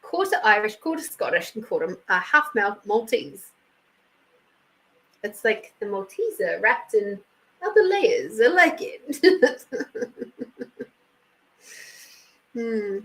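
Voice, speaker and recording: A woman's voice: mid-range voice, very animated, takes it slowly, long pauses, a bit bright, poor audio. An Australian woman hosting a casual live stream, chatty and laughing often as she thanks viewers by name. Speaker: intuitive reader and live stream host.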